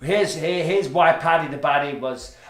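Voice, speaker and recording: A man's voice: a little high, moderate pace, reverberant. A man hosting a podcast, chatting casually, joking and swearing a lot. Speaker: podcast host. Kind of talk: casual chat. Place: studio room with lighting setup.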